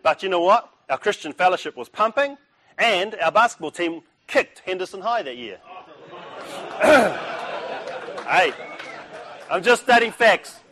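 A middle-aged man preaches at a Christian breakfast, sharing his own story. His voice sits a little high for a man, and he keeps the telling lively and humorous, acting out each person he quotes. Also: a little slow, long pauses. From New Zealand. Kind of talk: testimony sermon with storytelling.

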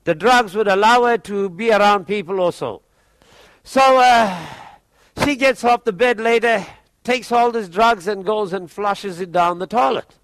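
A man's voice: high voice, measured pace, fairly bright tone, no room sound. A man giving a personal testimony, chuckling often as he tells a grave story and acts out what others said. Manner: acts out quoted people in his own voice.

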